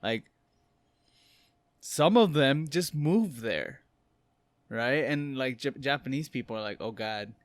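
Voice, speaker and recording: A man chatting loosely on a podcast, laughing as he goes and dropping casual swears. His voice sits at an everyday pitch, and the sound is close and dry with no room echo. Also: animated, slow, long pauses. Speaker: podcast co-host. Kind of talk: casual chat.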